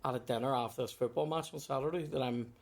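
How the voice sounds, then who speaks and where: A man chatting as a guest comic, his stories tumbling out with false starts and laughter. He talks at an ordinary middle pitch for a man. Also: fast, creaky. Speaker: guest comedian. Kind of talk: casual chat.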